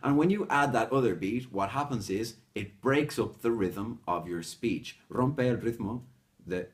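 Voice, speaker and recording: A man's voice: medium pitch, a little slow. A man from Spain teaching English pronunciation in a casual two-person lesson, switching between English and Spanish and acting out example sounds. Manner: animated, demonstrates sounds with exaggerated examples. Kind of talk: bilingual language lesson chat.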